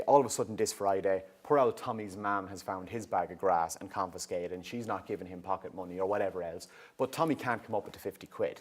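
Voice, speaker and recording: A middle-aged Irish man working in youth drug and alcohol services gives a public awareness talk, explaining in a lively way and often checking in with the audience. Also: on the low side.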